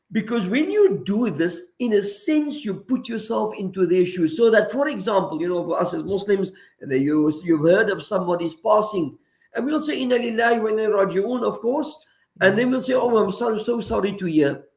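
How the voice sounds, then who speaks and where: This man has a high voice for a man, and he speaks in an earnest, preacherly way. He gives radio commentary and lays out everyday examples one after another. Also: animated, moderate pace. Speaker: regular guest commentator. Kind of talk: radio talk segment, reflective commentary.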